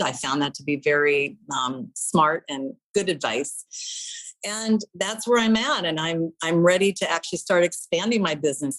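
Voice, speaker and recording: A middle-aged woman with a slightly low voice tells her own story as an interview guest. She speaks earnestly and from the heart. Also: a bit bright, rough recording.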